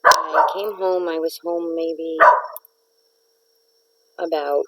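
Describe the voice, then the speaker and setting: A woman's voice: low voice, slow, heavy background noise. A middle-aged woman hosting a casual live stream from home, chatting and rambling to viewers and greeting commenters by name. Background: neighbor's dog barking.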